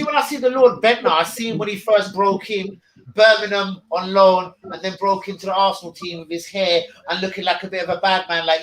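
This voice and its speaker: Excitable high-voiced male stream host. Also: a little fast. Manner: loud, excitable, swears a lot. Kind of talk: casual live stream chat. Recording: roomy echoey room.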